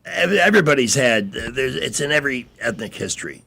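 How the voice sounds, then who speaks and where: A man's voice: medium pitch, expressive, a little fast, creaky, few pauses, bright, forceful tone, husky. A man hosting a radio show in casual chat, joking and sometimes blunt. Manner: joking, then blunt and testy.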